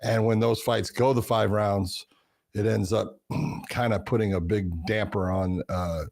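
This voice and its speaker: A lower-pitched man giving fight analysis on a podcast, explaining things steadily. The sound is dry and close, with no room echo. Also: steady tone, creaky, a little mellow. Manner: measured, explanatory, repeats words when starting. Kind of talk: casual analysis chat.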